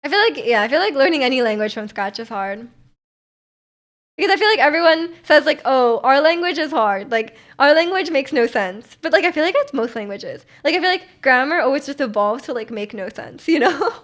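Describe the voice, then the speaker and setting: Higher-voiced young woman streamer, rambling. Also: sing-song, brisk, a bit bright. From North America. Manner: rambling, filler-heavy, giggly. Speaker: livestream host. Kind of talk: casual stream chat.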